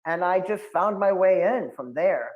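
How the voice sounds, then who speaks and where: A man's voice: high-pitched, moderate pace, narrow, tinny audio. Roomy-sounding man in his fifties. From New England. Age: 50s. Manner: animated storyteller acting out quotes. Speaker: occult expert guest. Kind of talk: storytelling interview. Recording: roomy echo.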